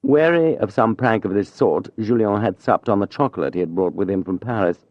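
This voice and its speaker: A man narrating an audiobook in a measured, even storytelling manner. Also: fairly low pitch, no echo, muffled recording.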